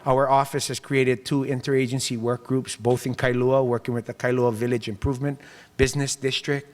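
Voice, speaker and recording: A man giving a public speech to a business group as mayor, telling stories in an animated way and acting out other people's lines. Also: mid-range voice, fairly quick. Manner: animated storytelling, acts out quoted voices with laughs. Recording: long hall reverb.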